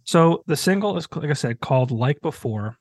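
A man's voice: a little high, expressive, moderate pace, a little mellow, no room sound. Hesitant man hosting, dry sound. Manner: hesitant, many restarts, encouraging. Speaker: podcast host. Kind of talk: casual podcast interview.

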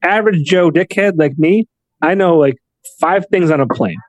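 A man's voice: a little high, moderate pace, dry recording. A man hosting a casual podcast, teasing his guest with wisecracks and loose swearing. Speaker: podcast host.

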